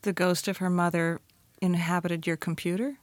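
A woman's voice: lowish voice, little pitch movement, normal speed, dry recording. A woman interviewer asking probing questions in a conversational way.

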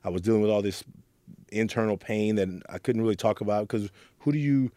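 Middle-aged guy from oakland, youth mentor, low mellow voice, dry close sound. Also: fairly quick, dry recording. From Oakland, California. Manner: earnest storyteller, acts out quotes with rising voice. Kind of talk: reflective interview talk.

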